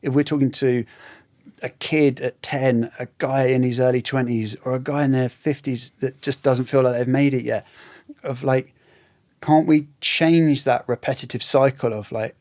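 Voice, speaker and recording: A man speaks in a mid-range voice. He talks in a reflective, halting way and often trails off mid-thought. It is casual podcast conversation. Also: mid-range voice, darkish tone. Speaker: podcast guest.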